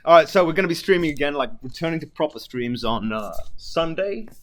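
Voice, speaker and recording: Animated, sweary male streamer. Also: a little high, brisk. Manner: animated, sweary, exaggerated delivery. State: hoarse. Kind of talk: live stream fan fiction reading.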